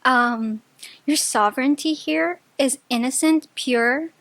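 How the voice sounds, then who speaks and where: A woman giving a casual pick-a-card tarot reading, chatty and excitable, often bursting into delighted laughter and restarting her sentences. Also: high-pitched, slow pace, dry recording. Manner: chatty, full of filler words and restarts. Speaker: tarot reader.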